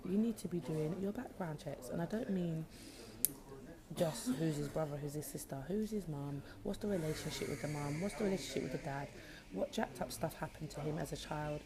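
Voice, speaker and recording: Woman, low voice, chatty vlog, phone recording in a busy café with crowd chatter. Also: brisk. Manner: chatty, eating breakfast while talking. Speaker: vlogger.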